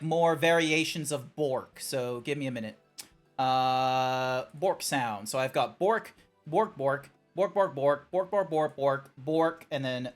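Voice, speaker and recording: A fairly high-pitched man talks over a faint bed of chill background music. He is a game streamer in loose, casual chat, riffing through silly tangents. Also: fairly bright tone. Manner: rambling, joking, quick tangents.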